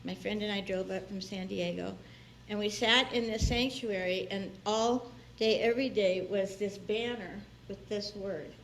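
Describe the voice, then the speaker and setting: A woman's voice: mid-range voice, steady tone, a little slow, slight background noise. Chatty woman minister giving a sermon. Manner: chatty and personal, laughs often, acts out quotes. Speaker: guest minister. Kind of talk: conversational sermon. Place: church sanctuary.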